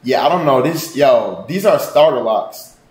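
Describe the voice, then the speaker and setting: Livestream host, man, mid-range voice, loud, profane and rambling, roomy echo on the mic. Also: medium pitch, expressive, unhurried. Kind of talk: casual livestream chat.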